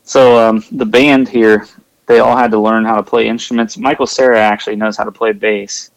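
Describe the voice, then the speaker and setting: A man co-hosting a casual movie watch-along podcast, easygoing and quick to laugh, sharing film trivia. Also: fairly low pitch, flat delivery, vocal fry, dry recording, poor audio. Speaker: podcast co-host.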